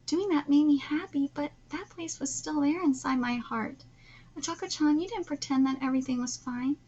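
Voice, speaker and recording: A woman's voice: high-pitched, normal speed, a little mellow, lo-fi sound, close to an everyday voice. A woman voicing an obsessive young female villain, reading manga dialogue aloud in a plain, slightly hesitant way. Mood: subdued.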